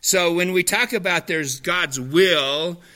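A man's voice: high voice, takes it slowly, sharp tone. A man teaching a Bible study class in a folksy way, drifting into anecdotes.

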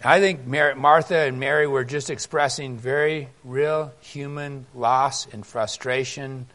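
A man's voice: medium pitch, fairly even intonation, unhurried, a bit bright. A male pastor preaching a conversational sermon and reading Scripture with animation.

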